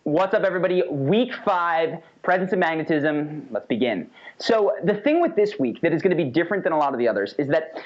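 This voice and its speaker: A man teaching an online course in a casual, energetic way, sometimes demonstrating how his voice changes. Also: a little high, a little fast. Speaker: course instructor. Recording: slightly dull lo-fi audio.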